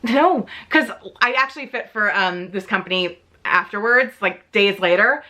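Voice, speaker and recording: A woman's voice: medium pitch, expressive, normal speed, bright, forceful tone. A woman telling a storytime vlog, exasperated and in pain, retelling a bad week with lots of "like" and some swearing. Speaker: vlogger. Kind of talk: casual storytime rant.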